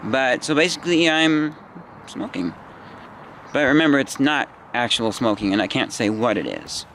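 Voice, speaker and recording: A tired young man in his twenties rambles through a personal story, stopping and restarting often. His voice sits at an ordinary pitch, with faint traffic noise outside behind him. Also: lively intonation, a bit bright. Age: 20s. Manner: halting, meandering, many restarts and fillers. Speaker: vlogger.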